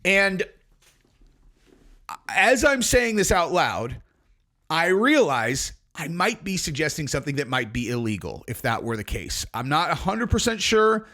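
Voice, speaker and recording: A man's voice: on the high side, a little slow. A man hosting a channel of MMA commentary, ranting casually and animatedly to his viewers, swearing freely and spinning theories. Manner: animated, profane, speculative, talks straight to viewers.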